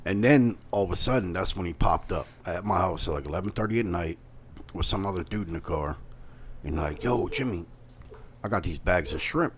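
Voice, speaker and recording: A man in his thirties co-hosting a podcast, telling stories in a casual, animated way and swearing a lot. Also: low-pitched, brisk, a little hiss or hum. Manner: animated, swears a lot, loud when retelling. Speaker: podcast co-host. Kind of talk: casual storytelling chat.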